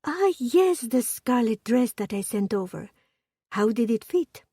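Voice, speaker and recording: A woman's voice: lively intonation, unhurried, breathy edge, no room sound, studio quality. Woman putting on a bubbly French dressmaker. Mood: effusive. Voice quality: high and loud, effusive.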